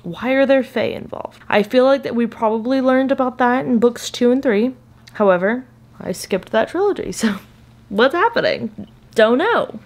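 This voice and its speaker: A woman's voice: a little high, animated, moderate pace. A young woman book vlogger talking casually and with exasperation to her viewers, breaking off for asides. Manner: chatty and exasperated, with laughs and asides. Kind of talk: casual reading vlog.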